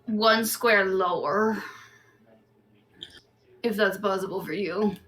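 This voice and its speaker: Bright-voiced woman playing a tabletop game. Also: medium pitch, takes it slowly. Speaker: player. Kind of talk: casual tabletop game chat.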